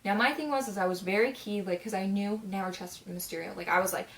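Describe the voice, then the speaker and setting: A nineteen-year-old woman reviews a movie in a casual vlog, talking quickly, gushing and chatty, with "like" and "you know what I mean" all through her sentences. Now and then she bursts into loud, high exclamations.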